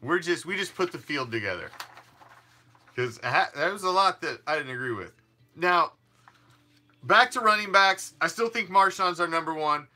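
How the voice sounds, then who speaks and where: A man's voice: on the high side, animated, moderate pace, pauses often, bright, forceful tone. A man hosting a fan sports show, talking casually in a rambling, emphatic way with frequent restarts and some swearing. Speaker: fan podcast host.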